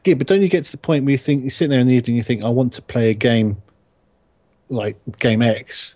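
A man's voice: medium pitch, fairly quick. A man hosting a casual group chat, laughing often and reading out viewer questions. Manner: relaxed, laughs often, reads questions aloud.

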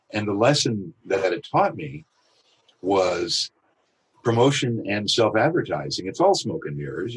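A male voiceover artist telling a lively anecdote in an interview, with a husky voice. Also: on the low side, poor audio. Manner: animated anecdotal storytelling. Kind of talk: storytelling in an interview.

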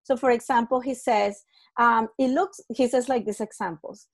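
A woman's voice: fairly high pitch, fairly even intonation, moderate pace. A woman hosting a podcast, explaining in a chatty, casual way and acting out short example dialogues, laughing now and then. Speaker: podcast host.

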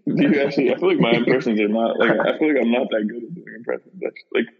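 A man's voice: mid-range voice, very fast, gravelly. A man co-hosting a comedy podcast in casual, rambling chat with lots of filler words. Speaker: podcast co-host. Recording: dull lo-fi with long reverb.

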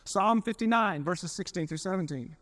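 A male pastor delivers a sermon in a fairly high-pitched voice. He preaches emphatically, slows down to stretch out key words and swells loud, then drops into folksy asides. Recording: archival 1992 sermon recording.

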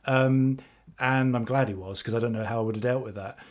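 A man's voice: medium pitch, steady tone. A man hosting a podcast, asking the guest questions and sharing his own story, with many restarts. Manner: fast, hesitant, full of fillers and restarts. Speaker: podcast host. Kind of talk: casual chat.

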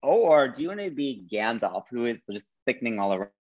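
A drag performer man from Madison, Wisconsin, sits in for a loose interview, talking in a campy, gushing way and tossing out playful slang. His pitch sits in an ordinary middle range for a man, and he often trails off as he gets carried away. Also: big pitch swings, brisk, lo-fi sound. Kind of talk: casual interview chat.

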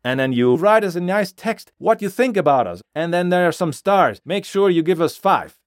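A man's voice: sits high, sing-song, normal speed, dry recording, studio quality. A man hosting a podcast, giving chatty step-by-step instructions to listeners. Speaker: podcast host. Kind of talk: casual promo for listeners.

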